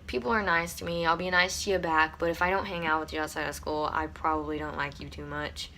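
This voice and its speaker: A woman's voice: fairly low pitch, fairly bright tone, a little hiss or hum. A teenage girl vlogging to camera from her room, rambling with lots of fillers and close to tears. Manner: rambling, tearful, many "like" fillers. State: on the verge of tears. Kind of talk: casual storytime vlog.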